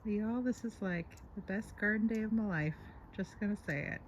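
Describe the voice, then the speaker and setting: A woman's voice: mid-range voice, moderate pace, a little hiss or hum, low-quality recording. Gushing woman in her garden. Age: around 40. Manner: excitable and gushing, drops to hushed whispers. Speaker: gardening vlogger. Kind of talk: casual garden vlog. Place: outdoors in a home garden.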